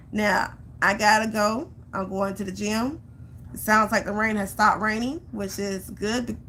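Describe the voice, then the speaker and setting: Woman, casual vlog pep talk, animated storytelling, repeats phrases, bright. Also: mid-range voice, slight background noise. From Georgia, US. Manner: animated storytelling, acts out her own panic. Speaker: vlogger.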